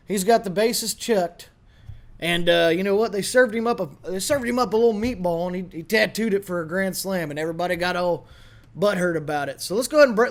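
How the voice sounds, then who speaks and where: Brash high-voiced male podcast host. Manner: brash, joking, swears freely. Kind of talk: casual podcast talk.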